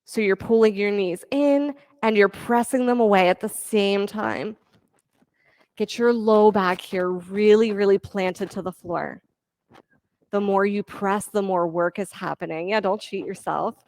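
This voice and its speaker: A woman guides a yoga class at an unhurried pace, calling out breaths and counting reps with steady encouragement. The recording is dry and close, with no room sound. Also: mid-range voice, no room sound. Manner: calm, encouraging counting and cueing. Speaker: yoga instructor.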